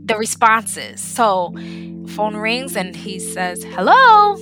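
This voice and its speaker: Woman guest, emotional personal storyteller, unhurried, faint music underneath. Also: mid-range voice. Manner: emotional, animated retelling with quoted voices.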